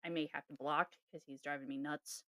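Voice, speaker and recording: Animated woman telling a story, dry close sound. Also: sits low, fairly quick, no echo. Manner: animated storytelling, laughs and sighs, mimics texts in a raised voice. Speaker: podcast co-host. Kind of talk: casual chat.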